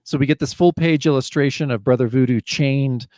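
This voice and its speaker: A mid-pitched man gushes about comic panels, talking in a loose, easygoing way. The recording is dry and close. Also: a little fast, darkish tone, no echo. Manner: enthusiastic, many fillers and restarts. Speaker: podcast co-host. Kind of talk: casual comic book discussion.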